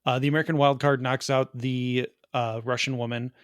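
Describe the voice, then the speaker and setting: A man co-hosting a podcast, rambling through a movie plot with quick asides and laughs. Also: mid-range voice, little pitch movement, smooth, dry recording, clean studio sound. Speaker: podcast co-host. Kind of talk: casual movie review chat.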